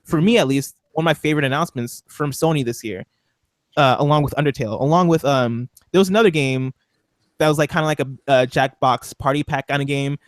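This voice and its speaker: A man co-hosting a podcast in a casual group chat, rambling excitably with lots of fillers. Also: on the high side, fast talker, dry recording. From Seattle. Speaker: podcast co-host.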